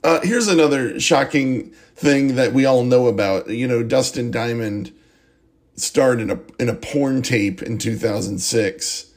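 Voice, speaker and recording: A man hosting a comedy podcast talks in an unhurried, drawn-out way. His voice sits at a middling pitch, and he sounds amused as he chats casually. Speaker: podcast host.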